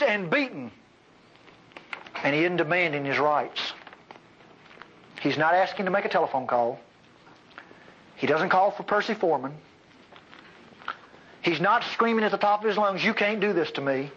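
A male preacher giving a sermon, emphatic, swinging between loud outbursts and quiet asides, on a dull lo-fi recording. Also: high voice, a little hiss or hum.

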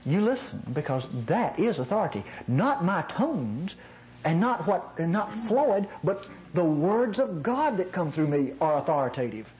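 A man's voice: high-pitched, sing-song, measured pace, darkish tone, a little hiss or hum, low-quality recording. A man from North Mississippi with a nasal voice, preaching a conversational sermon in a folksy way, often chuckling at his own asides.

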